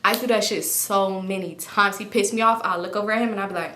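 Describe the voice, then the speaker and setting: A young woman in her twenties telling a personal story to her viewers, animated and full of profanity. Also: mid-range voice, fast, reverberant. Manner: animated, profane, laughing often. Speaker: storytime vlogger. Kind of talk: casual storytelling.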